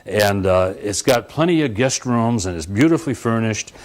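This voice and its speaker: Animated, chuckling male seminar speaker. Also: moderate pace. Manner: animated, chuckling storyteller with sudden pitch leaps. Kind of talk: motivational talk to an audience.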